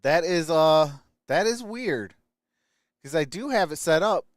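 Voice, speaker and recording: A man's voice: on the high side, expressive, measured pace, dry recording, clean studio sound. Upbeat man hosting a live stream. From Michigan. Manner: upbeat, greets viewers by name, frequent "hey". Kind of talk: casual live-stream chat reading comments.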